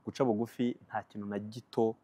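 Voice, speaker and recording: Male interviewer, brisk questions, dry close recording. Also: lowish voice, little pitch movement, warm tone, husky, no room sound. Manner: prompting with short questions and agreement. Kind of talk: casual interview.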